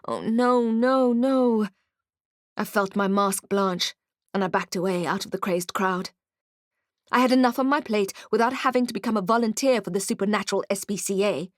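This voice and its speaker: A woman reading an audiobook in first person with wry, expressive storytelling. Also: medium pitch, a little fast, dry recording, studio quality. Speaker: audiobook narrator. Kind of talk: scripted first-person narration.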